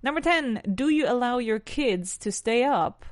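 A woman's voice: a little high, lively intonation, a little slow, dry recording, clean studio sound. A woman with a Spanish accent teaching English on a podcast, asking numbered questions and answering them in full sentences.

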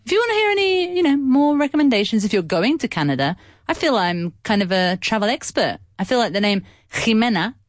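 Woman radio host, chatty and teasing, animated pitch, dry close mic. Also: no room sound. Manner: chatty, playful, laughs often, swoops up in pitch. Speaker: radio co-host and English teacher. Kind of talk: casual radio chat teaching English.

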